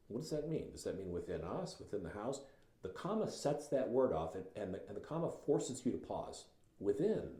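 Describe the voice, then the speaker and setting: A man with a low, mellow voice gives a writing lesson, lingering over words and reading passages slowly with care. He talks in a loose, thoughtful way with small restarts. The sound is roomy, with a noticeable echo. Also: sing-song. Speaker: writing instructor. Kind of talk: teaching lecture with read-aloud passages.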